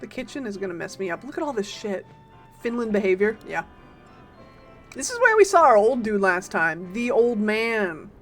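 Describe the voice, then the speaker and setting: A woman streaming a game live, chatting casually and playfully with bursts of loud exclamations. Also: mid-range voice, very animated, normal speed, faint music behind.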